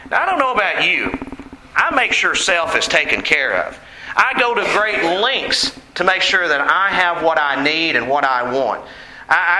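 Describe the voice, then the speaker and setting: A man's voice: fairly high pitch, pushed and bright. A man preaching a sermon in an earnest way, asking the congregation questions. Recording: echoey room with faint noise.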